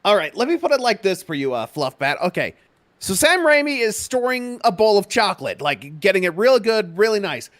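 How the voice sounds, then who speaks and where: A man's voice: high-pitched, sing-song, brisk, a bit bright. A man on a casual stream explaining his point through a crude, acted-out analogy. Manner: storytelling with crude analogies, acts out voices. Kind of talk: casual livestream chat.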